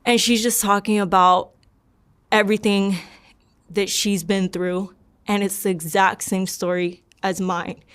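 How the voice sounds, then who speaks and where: Smooth-voiced young woman telling her story. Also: mid-range voice, level tone, unhurried. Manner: rambling, many likes and repeats. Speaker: guest sharing her testimony. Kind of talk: casual personal storytelling.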